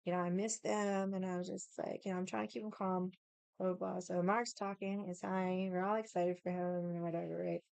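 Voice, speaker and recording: Swearing, animated woman storyteller, dry sound. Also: on the low side, brisk, creaky, clear, resonant tone, no echo. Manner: heavy swearing, lots of "like" fillers; animated, heated retelling. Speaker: vlogger. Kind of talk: casual storytelling.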